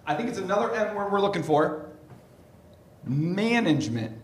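A man's voice: high voice, animated, normal speed, long pauses, husky. A man preaching a sermon in a joking, conversational way, asking his audience questions.

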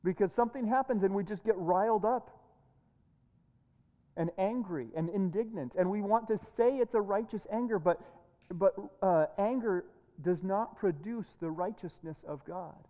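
Brief: earnest woman preacher with a warm, relaxed tone, given to restarts, heard in a reverberant hall. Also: medium pitch, normal speed. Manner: earnest, with frequent word repeats and restarts. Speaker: pastor. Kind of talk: sermon.

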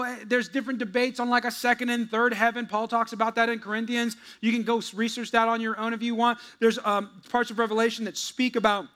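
A man preaching a sermon as a pastor, conversational and animated, slipping into acted-out voices for his stories. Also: very high voice.

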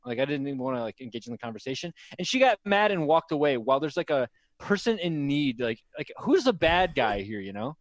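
A man's voice: on the high side, big pitch swings, fast, hardly any pauses, no echo. Young guy from iowa riffing on a comedy podcast, laughs a lot, dry close sound. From Iowa, USA. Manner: laughs often, acts out quoted people. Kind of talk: casual comedic banter.

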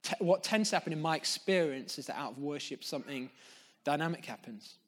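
A male pastor delivers an unscripted sermon to his church in an earnest, reflective way. His voice sits a little higher than most men's. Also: lively intonation, a little fast, a bit bright. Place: church gathering.

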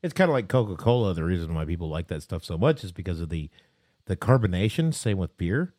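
A middle-aged man hosting a podcast, telling a story in a lively, animated way. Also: deep voice, fast talker, no echo, studio quality.

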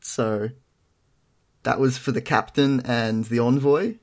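A young man on a casual podcast, dry and self-mocking. His voice sits at an ordinary middle pitch, and he tells his stories with an easy, even delivery. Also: takes it slowly. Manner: dry, self-deprecating storytelling. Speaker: podcast co-host. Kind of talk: casual chat.

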